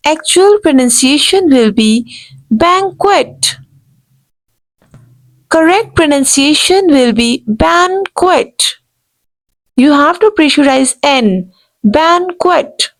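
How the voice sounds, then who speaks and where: High-pitched lady teacher going slow, keeps saying no that's wrong, repeats every word. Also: animated, low-quality recording. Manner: emphatic, corrects errors with repeated "no". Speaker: English pronunciation teacher. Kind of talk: slow instructional video lesson.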